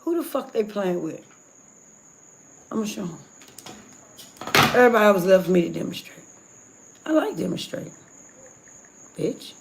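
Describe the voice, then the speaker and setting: A woman's voice: medium pitch, big pitch swings, moderate pace, vocal fry, long pauses, noisy background. A woman ranting on a livestream, furious and profane, venting at people she says scammed her. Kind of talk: angry livestream rant.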